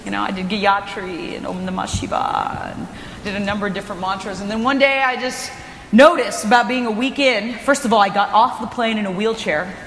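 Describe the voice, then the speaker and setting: A woman giving an energetic, inspirational conference talk as a motivational speaker, often raising her voice for emphasis. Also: mid-range voice, fairly quick, slight background noise. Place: hotel conference hall. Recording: echoey hall recording.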